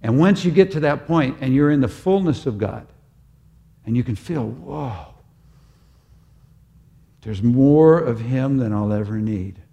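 A man preaching a sermon as a pastor, moving between loud emphatic peaks and quiet, intimate prayer. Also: mid-range voice, expressive, normal speed.

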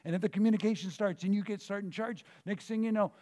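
A man preaching a sermon and leading a prayer, with rhythmic, repeated declarations that swing between hushed, intimate tones and loud exclamations. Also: high-pitched, quick pace. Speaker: pastor.

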